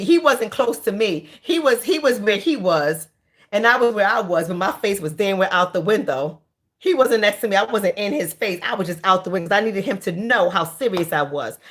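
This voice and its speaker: A woman's voice: mid-range voice, fairly bright tone. A woman, telling a candid story in a casual monologue and repeating lines for emphasis. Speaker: vlogger.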